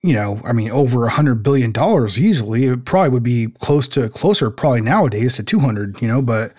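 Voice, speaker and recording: A man's voice: mid-range voice, expressive, a little fast, darkish tone, husky. A man in casual podcast conversation, rambling with lots of "like" and "you know" and some swearing.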